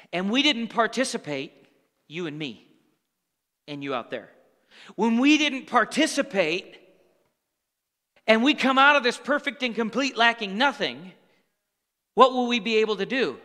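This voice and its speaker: A man with a high, bright, ringing voice preaching a sermon. He talks to the congregation conversationally and throws in call-and-response asides. The sound carries a long hall reverb from the church sanctuary. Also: expressive, measured pace, pauses often. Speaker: pastor.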